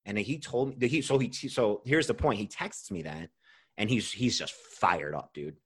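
A young man hosting a podcast as a nutrition coach, talking casually, animated and swearing freely as he rants. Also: lowish voice, normal speed, slightly rough.

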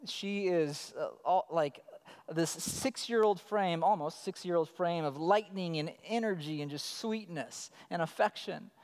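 High-voiced pastor preaching in a reverberant hall. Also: male voice, unhurried. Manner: animated storytelling, acting out his child calling. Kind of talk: sermon. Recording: long reverb of a church hall.

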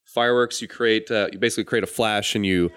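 A man's voice: fairly low pitch, fairly even intonation, fast talker, a bit bright, smooth. A man playing a tabletop role-playing game, explaining his spell and its rules in a plain way. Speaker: player.

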